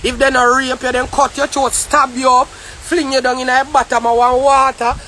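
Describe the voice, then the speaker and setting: A woman with a Jamaican accent in a heated, profane ranting monologue, often shouting. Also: high-pitched, little pitch movement, normal speed, slight background noise. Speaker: vlogger.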